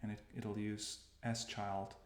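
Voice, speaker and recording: Speaking slowly in a low, flat voice, a developer demos how he codes, thinking aloud and frequently pausing to amend what he said. The tone is casual, like screencast narration. Typing and mouse clicks sit behind him in a roomy space with noticeable noise.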